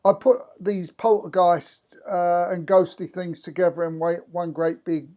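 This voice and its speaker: A man co-hosting as a medium, chatting over a video call in a relaxed, rambling way with many fillers. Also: high-pitched, measured pace. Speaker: medium and co-host.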